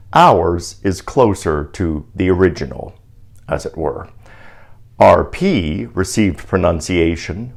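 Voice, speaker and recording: Canadian man with a deep polished baritone. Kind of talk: scripted spoken reflection.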